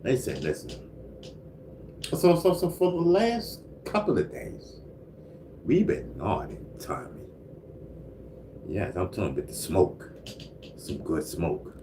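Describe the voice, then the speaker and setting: A man's voice: deep voice, very animated, slow, long pauses, dark tone, a little hiss or hum. A man hosting a casual livestream, chatting loosely and reading out viewer comments. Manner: laid-back, repeats "you know what I mean", frequent laughs and coughs. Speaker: livestream host. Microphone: single mic livestream.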